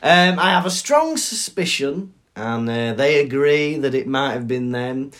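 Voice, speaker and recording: A man's voice: mid-range voice, animated, unhurried, a bit bright. A young adult man, co-hosting a podcast in casual chat and mimicking people in his stories. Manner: chatty storyteller, mimics others in his anecdotes. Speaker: podcast co-host.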